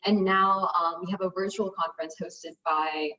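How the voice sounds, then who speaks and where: Lower-voiced woman on muffled call. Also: fairly even intonation, moderate pace, distant mic. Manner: chatty, fillers, speaking softer in places. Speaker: student organization president. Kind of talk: casual presentation on a video call. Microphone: video call. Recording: dull lo-fi audio, off mic.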